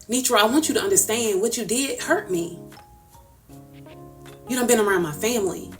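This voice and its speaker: A woman's voice: medium pitch, brisk, long pauses, recorded from a distance, faint music behind. A woman livestreamer giving a heated personal callout, emphatic and confrontational, repeating her points for force. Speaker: social media livestreamer.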